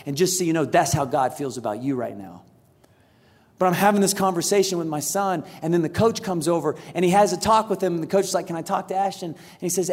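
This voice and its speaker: A pastor in his thirties preaches to a crowd. His voice sits a little high and turns animated as he acts out the people in his story. The sound rings out with the long reverb of a large hall. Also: quick pace. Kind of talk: sermon.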